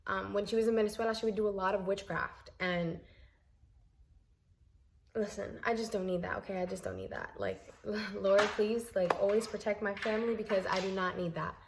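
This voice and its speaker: A young adult woman tells a personal story on her vlog, emphatic and exasperated, repeating points to drive them home. Her mid-range voice is creaky, with lively intonation at a moderate pace.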